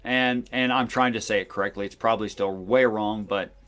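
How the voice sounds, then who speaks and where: A man's voice: on the low side, fairly even intonation, a little fast, a bit bright. A man hosting a podcast discussion, explaining his views assertively and reading old texts aloud. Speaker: podcast host.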